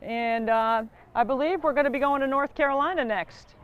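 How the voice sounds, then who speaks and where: A woman's voice: high voice, moderate pace, narrow, tinny audio. A woman with a Southern US accent, upbeat and chatty, hosting a live charity stream.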